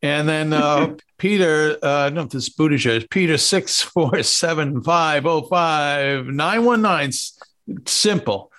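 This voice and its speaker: A man co-hosting a podcast, chatting and signing off the show in a friendly, halting way. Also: on the high side, expressive, a bit bright. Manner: friendly, hesitant with fillers. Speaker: podcast co-host. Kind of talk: casual chat, show sign-off.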